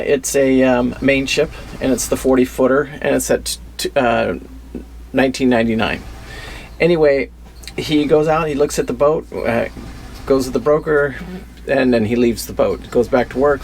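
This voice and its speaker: A man with a gravelly, creaky voice talks through a story in a relaxed vlog. He rambles, stops to restart his sentences and leans on lots of fillers. His pitch sits in a middle range for a man, with a faint hiss of noise under the voice. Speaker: vlogger.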